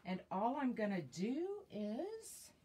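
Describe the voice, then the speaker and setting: Her mid-range voice is sing-song, dark in tone and slow as a woman hosts a casual live wreath-making demonstration. She chats with viewers and thinks out loud with fillers. The tablet mic carries slight background noise.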